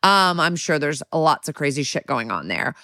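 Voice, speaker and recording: A woman's voice: low voice, big pitch swings, moderate pace, gravelly, sharp tone, dry recording, studio quality. A woman co-hosting a podcast, adding wry, chatty commentary in casual conversation. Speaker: podcast co-host. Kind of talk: casual chat.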